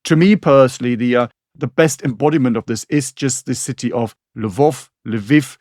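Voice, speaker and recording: A man's voice: mid-range voice, moderate pace, a little mellow, no echo, studio quality. A man co-hosting a history podcast, talking in a conversational way, thinking aloud with asides. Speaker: podcast co-host.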